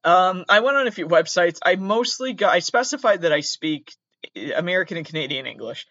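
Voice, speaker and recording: A young man rambles through his podcast monologue, joking at his own expense. His pitch bounces around constantly and sits a bit high for a man. The recording is dry and muffled, like a laptop mic in a small space. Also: expressive, fairly quick, pushed and bright, no room sound. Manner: self-mocking, jokey, rambling. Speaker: podcast host.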